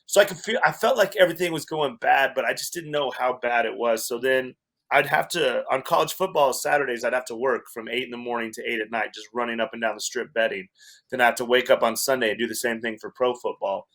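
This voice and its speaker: Guy on a podcast spinning a crazy story about his past, jokey and self-mocking, mid-pitch voice. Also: quick pace, a bit bright. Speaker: podcast guest. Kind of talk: storytelling in a casual chat.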